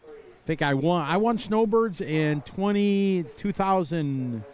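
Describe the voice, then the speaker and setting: Excitable middle-aged man calling live races. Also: high voice, takes it slowly. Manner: excitable, chatty, laughs and shouts at crashes. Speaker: race commentator. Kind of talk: live play-by-play commentary. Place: outdoor racetrack.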